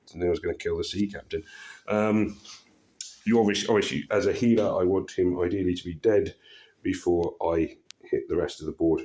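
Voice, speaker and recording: A man giving casual commentary over his own puzzle game, relaxed and muttering to himself with frequent pauses and fillers. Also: low-pitched. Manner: relaxed, muttering asides with many ums. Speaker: gaming channel host.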